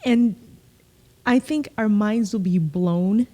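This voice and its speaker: A woman hosting a faith podcast, answering her guest warmly in casual conversation. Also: medium pitch, takes it slowly. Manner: warm, responsive, devout. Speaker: podcast host.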